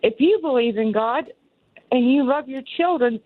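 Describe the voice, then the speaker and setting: Her high voice carried at a moderate pace over a tinny telephone line with no room sound, a Southern caller in her sixties earnestly rambles through her story on a radio show, often repeating herself.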